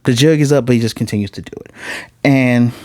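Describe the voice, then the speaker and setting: A man's voice: mid-range voice, fast talker, darkish tone, no echo, studio quality. A man with a Midwestern accent giving a casual spoken TV review, blunt and rambling, full of asides and self-corrections.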